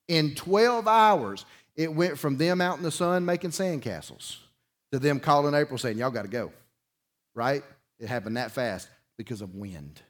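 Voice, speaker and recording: Pastor guy telling a story in his sermon, folksy, gets loud then drops real quiet. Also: medium pitch. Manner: folksy storytelling, shifts between loud bursts and quiet emphasis.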